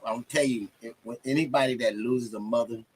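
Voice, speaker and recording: A man's voice: medium pitch, fairly quick, breathy edge, poor audio. A man from Florida, a soul singer and guest, telling stories casually and quoting people as he goes. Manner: animated storyteller, quotes people in voices. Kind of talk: casual interview storytelling.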